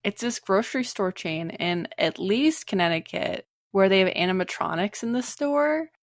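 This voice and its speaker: A woman's voice: medium pitch, lively intonation, moderate pace, no echo, clean studio sound. A woman co-hosting a podcast, telling a trip story in easygoing casual chat. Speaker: podcast co-host.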